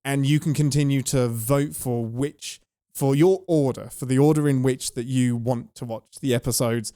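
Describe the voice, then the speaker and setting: A man co-hosting a podcast in casual chat, enthusiastic and quick to laugh. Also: medium pitch, steady tone, mellow, no echo, clean studio sound. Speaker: podcast co-host.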